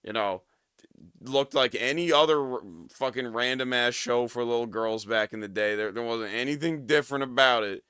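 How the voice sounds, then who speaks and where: A hoarse man in his thirties giving profane, laughing commentary while reacting to a video on a livestream. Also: medium pitch, moderate pace, bright, forceful tone, dry recording, studio quality.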